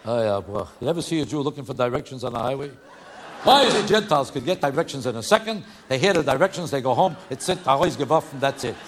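A male stand-up comedian doing a routine with punchy, animated joke delivery. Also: mid-range voice, quick pace. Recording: noisy live recording.

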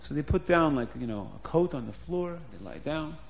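Man, storyteller, earnest, repetitive, a bit higher voice. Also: lively intonation, moderate pace, creaky, slight background noise. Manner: plain, repetitive, earnest retelling. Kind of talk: spoken storytelling.

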